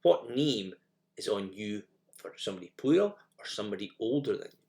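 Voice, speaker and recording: A man's voice: lowish voice, expressive, a little fast, a little mellow. A man narrating a recorded language lesson, explaining each step and repeating example phrases for learners to copy. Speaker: teacher.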